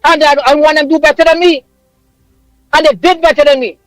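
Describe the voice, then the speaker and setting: A man calling a radio show from abroad, his voice very high and charged with emotion. He hammers his points with repetition, like a preacher, and there's a dry, close sound with faint music underneath. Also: steady tone, a little fast, no room sound, low-quality recording. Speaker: caller living abroad. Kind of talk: impassioned call-in rant.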